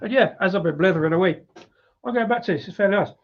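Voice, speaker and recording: A man's voice: high-pitched, fast talker, dull audio. A British man hosting a live beer review, chatty and rambling with frequent laughs. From Britain.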